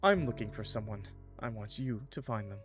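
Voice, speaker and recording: A man's voice: on the low side, music in the background, close to an everyday voice. A man reading as a poised mysterious witch woman. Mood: cool, composed. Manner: calm, measured read with a weak French accent.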